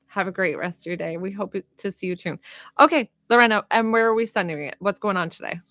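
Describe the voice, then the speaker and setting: A woman working as a medium and healer, talking gently and unhurriedly to viewers during a live-stream reading and healing session, with frequent fillers. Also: mid-range voice, fast, no room sound, studio quality.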